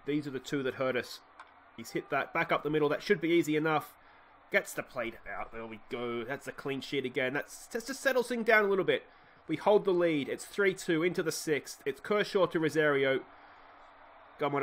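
An Australian man giving excitable play-by-play commentary on a baseball sim game, swinging from muttered asides to shouted cheering at a desktop microphone. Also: a little high, moderate pace, slight background noise. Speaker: let's play host.

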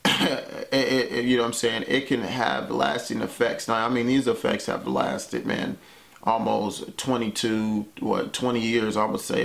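A man's voice: lowish voice, vocal fry, a bit bright. A young man telling a personal story to the camera in a loose, conversational way, dropping lots of "man" and "you know what I'm saying.". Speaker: vlogger.

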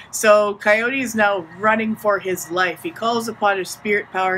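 A storyteller retelling a traditional folktale in a relaxed, playful way with modern slang. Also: mid-range voice, slight background noise, rough recording. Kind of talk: casual oral storytelling.

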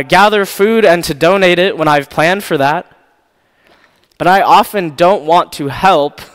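A man's voice: a little high, a bit bright, clear, resonant tone. A man preaching a sermon, telling a personal story in a candid, self-deprecating way with frequent laughs. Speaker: pastor. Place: church sanctuary. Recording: long reverb of a church hall.

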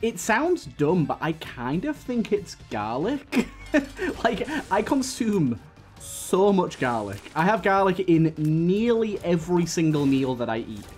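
A man's voice: high voice, big pitch swings, unhurried, soft background music. A man giving casual, rambling commentary while playing a video game, hiccuping now and then. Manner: chatty, rambling, frequent fillers and restarts. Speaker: gaming YouTuber.

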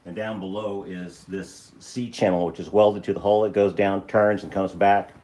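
A middle-aged man with a fairly low voice talks through a casual live stream. He is blunt and joking, swearing freely as he shows his boatbuilding work. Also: flat delivery, normal speed, mellow.

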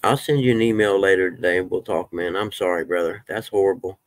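Deep-voiced man chatting on a live stream. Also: fast, no echo. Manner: folksy, swears when fired up. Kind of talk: casual live-stream chat.

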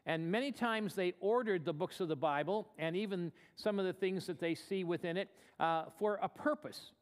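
A man pastor preaching a live church sermon, earnest, slowing down to read scripture aloud. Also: sits high. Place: church sanctuary. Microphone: live broadcast.

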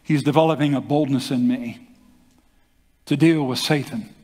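An older man, a pastor, telling a story in a sermon with animated delivery and acted-out quotes. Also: mid-range voice, normal speed. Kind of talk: sermon testimony. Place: church hall. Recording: long hall reverb.

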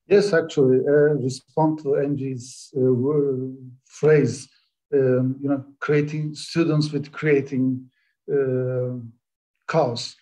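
A middle-aged man speaking as a panelist in an online webinar, pausing often with "uh" as he talks. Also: medium pitch, little pitch movement, mellow, low-quality recording. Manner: hesitant, many "uh" fillers.

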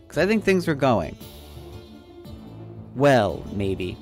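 Man slowly narrating his game stream. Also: medium pitch, big pitch swings, soft background music. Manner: jokey, swears, reads game text aloud in clipped bits. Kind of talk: casual gameplay commentary. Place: home streaming setup.

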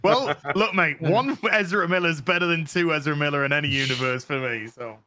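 A man's voice: a little high, brisk, bright, forceful tone, no room sound. A man chatting loosely and laughing often on a panel show, swearing casually.

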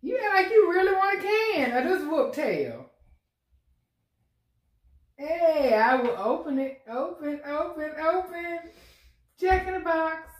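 A woman's voice: very high voice, very animated, measured pace, pauses often. Playful laughing woman, roomy sound. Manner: playful trash talk, laughs often. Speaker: mukbang host. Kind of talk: casual banter while eating.

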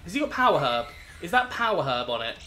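A man's voice: fairly high pitch, very animated, quick pace, bright, forceful tone, faint music behind. A man commentating his own competitive game battle, thinking aloud and turning exasperated and self-critical at his mistakes. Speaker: gaming video host.

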